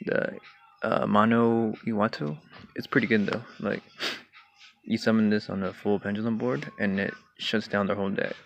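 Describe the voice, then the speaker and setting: Young man with a gravelly, flat voice. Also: lowish voice, moderate pace. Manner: relaxed, filler-heavy, frequent throat clearing. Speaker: card game player. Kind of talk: casual deck walkthrough. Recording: dull lo-fi home recording with faint hiss.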